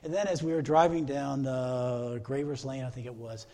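A man's voice: mid-range voice, steady tone, normal speed, dark tone. A middle-aged man preaching a sermon as pastor, earnest, stacking repeated phrases into lists.

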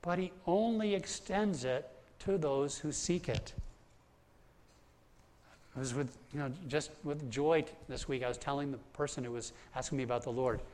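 A man's voice: medium pitch, moderate pace, darkish tone. Earnest man preaching a sermon. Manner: earnest, repeats words as he builds points. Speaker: pastor. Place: church hall with congregation.

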